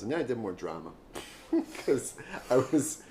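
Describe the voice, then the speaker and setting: A man co-hosting a crude podcast, mid-pitched and rambling. He jokes and trails off between bursts of laughter. A faint hiss of noise runs under the room. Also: big pitch swings, unhurried, mellow. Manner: joking, trailing off, laughing often. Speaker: podcast co-host. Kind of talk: crude casual banter.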